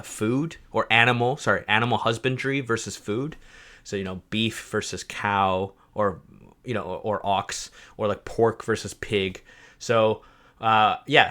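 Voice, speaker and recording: A young man with a fairly low voice and a bright, forceful tone, explaining his project on a livestream. He rambles, stumbles over words and corrects himself as he goes, filling gaps with ums and likes. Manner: rambling, many fillers and self-corrections. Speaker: project co-creator presenting a map. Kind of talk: livestream chat explaining a map.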